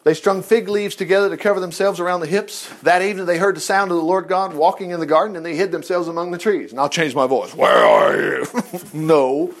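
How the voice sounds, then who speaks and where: A man's voice: sits high, steady tone, quick pace, few pauses. A man preaching a sermon, reading scripture aloud and breaking off into folksy, exclaiming asides to his listeners. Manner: folksy, talks straight to the congregation.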